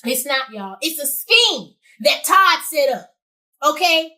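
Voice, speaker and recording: A young woman hosting a show, giving casual advice to camera in a sassy, animated way and talking straight to her listeners. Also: sits high, takes it slowly, far from the mic. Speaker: host.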